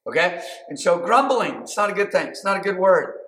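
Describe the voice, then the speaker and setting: A man's voice: high voice, expressive, brisk, fairly bright tone. A man preaching a sermon as pastor, talking in a loose conversational way with many fillers and restarts. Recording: echoey room.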